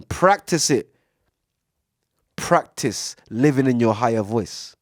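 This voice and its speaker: A young man with gives a casual, preachy podcast monologue, swearing freely and swinging between loud bursts and hushed asides. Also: medium pitch, animated, slow, pauses often, dry recording, clean studio sound. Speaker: podcast speaker. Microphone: studio mic.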